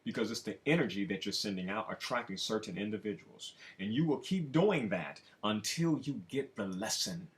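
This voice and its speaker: A man giving a preachy self-help monologue, with slow drawn-out phrases that rise suddenly into loud emphasis. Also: on the low side, expressive. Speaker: spiritual self-help speaker.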